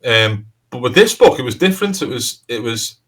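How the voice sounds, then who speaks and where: Speaking in a sing-song way at a moderate pace, a Scouse-accented crime author from Liverpool chats through a casual interview with a medium-pitched, slightly bright voice. He rambles, begins sentences again and keeps saying "you know." The audio is poor.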